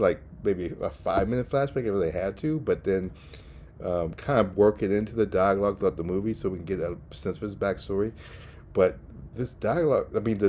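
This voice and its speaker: Man, low voice, mellow tone, casual review, lots of ums and restarts, faint background noise. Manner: relaxed, halting, many fillers and restarts. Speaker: movie reviewer.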